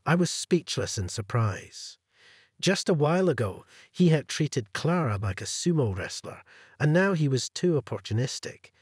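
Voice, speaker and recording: A man narrating a scripted first-person story in a steady, even read. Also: on the high side, moderate pace, breathy edge, no echo, clean studio sound.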